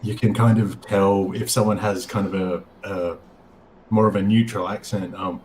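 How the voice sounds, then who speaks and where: A middle-aged man with an Australian accent chats as a guest, his voice sitting low. He talks haltingly, full of ums and restarts. A clear background hiss runs under him. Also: level tone, a little mellow, rough recording. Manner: hesitant, many fillers and restarts. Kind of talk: casual chat.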